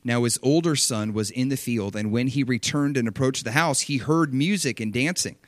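A man's voice: medium pitch, moderate pace, no room sound. A man preaching a sermon, reading scripture aloud and expounding on it with emphatic energy. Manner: animated, emphatic, reads scripture aloud and riffs on it.

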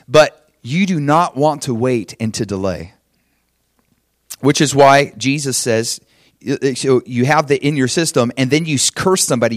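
Animated male preacher, dry sound. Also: a little high, no echo. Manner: animated preaching, swings from loud emphatic to soft and hushed. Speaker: pastor. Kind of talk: sermon.

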